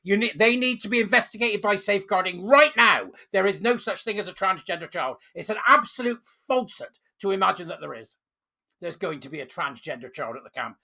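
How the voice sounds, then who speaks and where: Furious commentator, gravelly edge. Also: medium pitch, lively intonation, brisk, pushed and bright. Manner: furious, ranting, emphatic. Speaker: online commentator. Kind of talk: angry opinion rant to camera.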